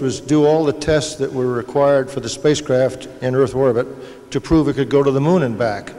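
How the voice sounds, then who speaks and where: A man's voice: mid-range voice, a little mellow. An older man on a panel recounting stories with dry humor and an easygoing manner. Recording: long hall reverb.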